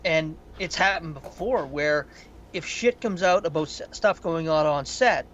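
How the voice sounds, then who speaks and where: A man's voice: a little high, unhurried, muffled recording, slight background noise. A man co-hosting a podcast, chatting casually and profanely about a film in a rambling way. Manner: rambling, profane, animated storytelling. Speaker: podcast co-host. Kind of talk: casual film review chat.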